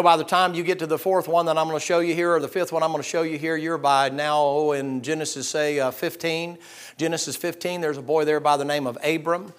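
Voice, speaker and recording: A middle-aged man preaching a sermon, telling folksy stories and acting out voices, swinging from hushed to loud. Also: fairly high pitch. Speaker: pastor.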